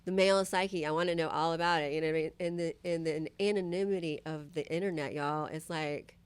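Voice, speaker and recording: Low-voiced chatty woman telling candid stories. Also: brisk, clear, resonant tone, no echo. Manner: chatty, full of "like" and "you know what I mean"; animated, voices other people in quotes. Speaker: podcast guest. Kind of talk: casual chat, candid storytelling.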